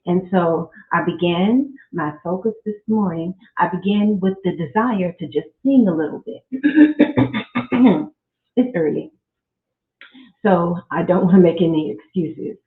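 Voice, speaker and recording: Middle-aged woman, podcast host, slow heartfelt faith talk, tinny echoey home recording. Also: fairly low pitch. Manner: slow, heartfelt, with religious exclamations. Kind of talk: casual faith-based personal talk. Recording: echoey room, phone-like audio.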